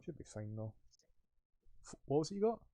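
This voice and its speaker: A man's voice: fairly high pitch, very animated, fairly quick, vocal fry, warm tone, dry recording, studio quality. A man running a tabletop game as game master, narrating loosely with many fillers.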